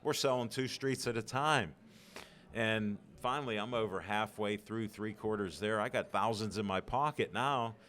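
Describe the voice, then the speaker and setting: A man's voice: fairly low pitch, normal speed, fairly bright tone. An older man from Pittsburgh, a podcast guest, telling stories animatedly and acting out the dialogue. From Pittsburgh, USA. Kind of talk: storytelling interview.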